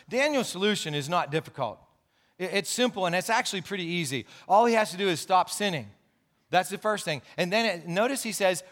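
A man's voice: sits high, lively intonation, brisk, a bit bright. A man pastor preaching a sermon in an earnest, explaining way, with asides and restarts.

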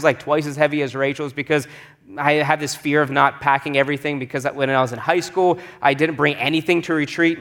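A man's voice: on the high side, a bit bright. A man in his thirties, a pastor telling a personal story in a sermon and acting out the voices of the people in it.

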